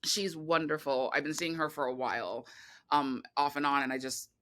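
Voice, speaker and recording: A woman guest on a podcast, telling a long personal story in a rambling, animated way, full of restarts and quoted voices. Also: deep voice, normal speed. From California. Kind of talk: casual interview conversation.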